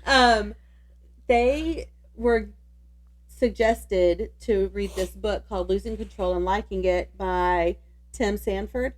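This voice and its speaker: A middle-aged woman co-hosting a podcast, chatting easygoing and laughing along. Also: mid-range voice. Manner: easygoing, quick to laugh, supportive. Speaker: podcast co-host. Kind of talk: casual chat.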